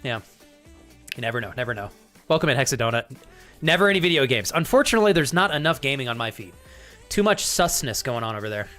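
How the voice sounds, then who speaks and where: A man's voice: medium pitch, animated, fast, a bit bright, soft background music. A man with an American accent chatting to his live-stream audience, laughing often and swearing freely.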